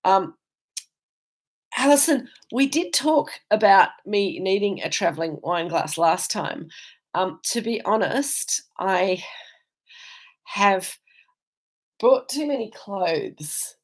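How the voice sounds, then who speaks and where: An animated Australian woman with a mid-range voice talks slowly, leaving long pauses. She's hosting a live virtual wine tasting from indoors on the road, chatting casually in answer to viewer comments. Her speech rambles, with plenty of ums and restarted sentences.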